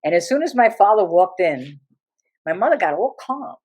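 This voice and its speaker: An animated woman tells comic family stories as an interview guest. Her pitch swings widely and she laughs often, brash and lively. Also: normal speed, breathy edge. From New Jersey. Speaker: guest storyteller.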